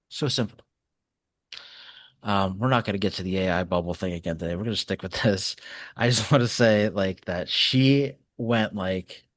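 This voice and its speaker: A man hosting a casual political commentary show, animated and sarcastic, swearing freely. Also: lowish voice, dry recording.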